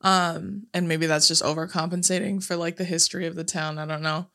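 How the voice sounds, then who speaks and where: Young woman, podcast co-host, lowish voice, forceful bright tone, blunt and sweary. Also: steady tone, brisk, vocal fry. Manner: blunt storytelling with frequent swearing. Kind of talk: casual chat.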